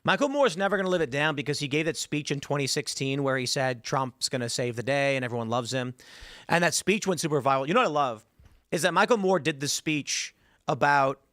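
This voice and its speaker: A man hosting a casual political panel, telling animated stories and acting out quotes. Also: fairly high pitch, fairly quick, dry recording, studio quality. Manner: animated storyteller, acts out quotes. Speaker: host.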